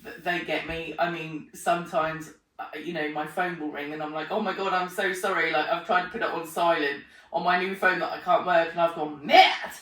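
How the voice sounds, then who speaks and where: A woman's voice: sits low, brisk. A woman tells stories in a casual interview, acting out her own lines and often breaking into laughter. Her voice sounds roomy and a little distant from the mic. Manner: animated storyteller, acts out her own remarks, laughs often. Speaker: podcast host being interviewed.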